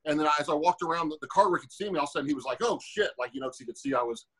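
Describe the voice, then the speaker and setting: A quick-talking man in his forties with a husky, bright-edged voice. He tells a story on a podcast like a former fighter would, cursing freely and acting out each person's lines. His voice sits a bit high for a man. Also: low-quality recording. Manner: animated, acts out quoted dialogue; profane, rambling with fillers.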